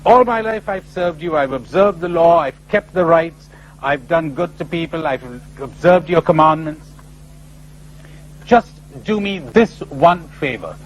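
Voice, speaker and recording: A man's voice: fairly high pitch, lively intonation, measured pace, dull audio, slight background noise. A man voicing a pious old man pleading with God. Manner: pleading, insistent.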